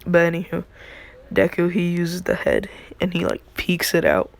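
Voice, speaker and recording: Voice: mid-range voice, huge pitch swings, normal speed, vocal fry. A storyteller rambling casually through a fan story, full of "like," laughing at their own jokes.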